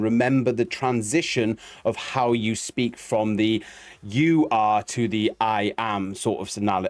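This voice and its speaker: A man's voice: mid-range voice, a little mellow, no room sound. Rambling male life coach. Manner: rambling, jokey, reads out questions. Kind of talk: casual advice talk.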